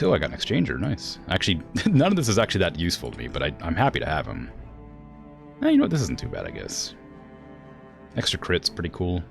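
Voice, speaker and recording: Male streamer, low voice, lively, chatty, laughs a lot. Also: brisk, creaky, faint music behind. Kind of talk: casual game commentary.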